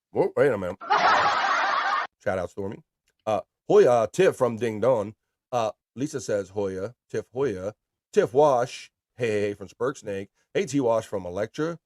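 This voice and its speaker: A man hosting a casual live stream, reading viewer comments aloud with playful shout-outs. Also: mid-range voice. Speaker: livestream host.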